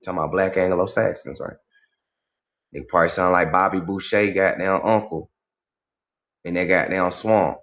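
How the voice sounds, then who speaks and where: Animated man hosting a livestream. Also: sits low, normal speed, long pauses. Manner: animated, profane, asks "right?" often. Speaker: livestream host. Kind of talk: casual livestream commentary.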